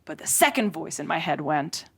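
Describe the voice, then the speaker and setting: Woman, stand-up comic, from Russia, sarcastic, animated pitch, stage mic, laughing crowd clearly heard. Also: moderate pace, slight background noise. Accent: American-learned English. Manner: lively, sarcastic, acts out quotes. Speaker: stand-up comedian. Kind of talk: stand-up comedy set. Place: theatre stage before a laughing audience. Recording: audience laughter clearly audible.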